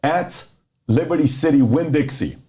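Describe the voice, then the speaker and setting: A man's voice: fairly high pitch, moderate pace, dark tone. A middle-aged man from Iran, hosting a casual chat and telling a story with acted-out quotes. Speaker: host.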